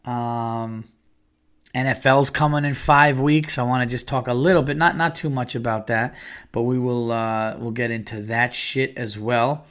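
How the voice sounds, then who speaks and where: A middle-aged man hosting his own podcast, talking loosely and profanely with plenty of fillers. His voice sits in a middle pitch with a bright, forward edge. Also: steady tone, a little slow, clean tone. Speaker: podcast host. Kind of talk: casual solo podcast chat.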